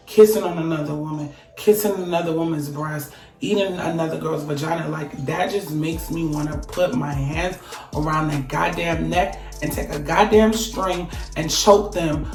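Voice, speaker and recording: A woman recounting a personal story in a casual, profane, emphatic way, her voice often climbing loud. She sits a little back from the mic in an echoey room with faint music behind. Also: on the low side, distant mic. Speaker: vlogger.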